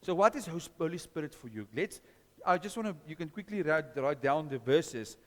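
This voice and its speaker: A man preaches with a high, lively voice that leaps up and down as he questions his listeners. His sermon rings through a hall with a long reverb trailing every phrase. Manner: questions the congregation, animated. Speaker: pastor.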